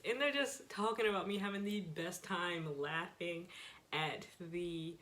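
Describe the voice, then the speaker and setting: A young woman with a slightly low voice tells a story from her own life, casual and chatty. She laughs often and keeps an easy, personal storytelling flow. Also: unhurried, fairly bright tone. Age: young adult. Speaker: vlogger.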